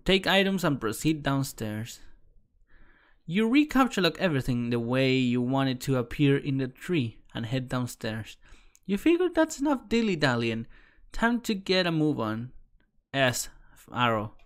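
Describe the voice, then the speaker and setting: A man's voice: mid-range voice, very animated, a little slow. A man streaming as he reads a webcomic aloud in a casual way, tripping over words, restarting, laughing and swearing as he goes.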